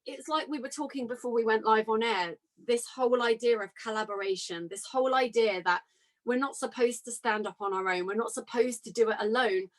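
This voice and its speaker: A woman hosting a podcast, talking in an enthusiastic, animated way in casual conversation with her guest. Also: on the high side, fairly quick. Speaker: podcast host.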